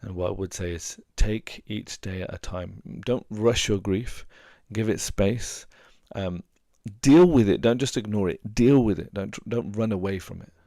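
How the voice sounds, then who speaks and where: Man, very low gravelly voice, dry close sound; earnest coach who repeats himself for emphasis. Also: fairly even intonation, a little slow, few pauses, darkish tone, no room sound. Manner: earnest, repeats words for emphasis, many restarts. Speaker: relationship coach and hypnotherapist. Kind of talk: advice talk to camera.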